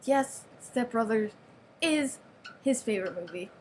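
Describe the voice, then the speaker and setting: Higher-pitched girl joking around showing off a toy, sarcastic and giggly, bit of hiss behind. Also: expressive, measured pace. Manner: giggly, sarcastic, mock-serious. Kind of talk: playful show-and-tell narration.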